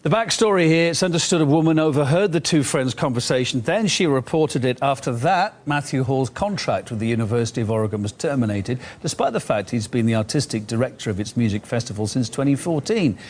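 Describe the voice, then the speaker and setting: A man giving a measured, formal broadcast news report. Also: medium pitch, lively intonation, a little mellow, a little hiss or hum.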